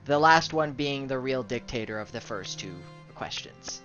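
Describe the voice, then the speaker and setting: Man voicing a measured, formal official briefing a party; bright voice, muffled lo-fi audio. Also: medium pitch, lively intonation, soft background music, close to an everyday voice. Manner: measured, formal, hesitant with fillers. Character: male royal official giving orders to adventurers.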